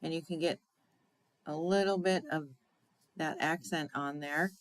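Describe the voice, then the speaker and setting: A woman's voice: low-pitched, steady tone, measured pace, low-quality recording. A woman hosting a card-making tutorial in a chatty way, often checking in with "right?" and laughing at her own slips. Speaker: crafting demonstrator.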